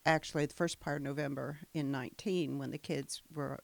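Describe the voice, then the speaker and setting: A woman's voice: low-pitched, fairly even intonation, fairly quick, gravelly. An older woman giving a patient testimony in a casual interview, answering hesitantly with fillers. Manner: hesitant, with fillers and small laughs.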